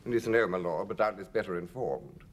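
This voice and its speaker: A man's voice: sits low, a little fast. An older English man interviewed, telling anecdotes theatrically and mimicking voices. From England.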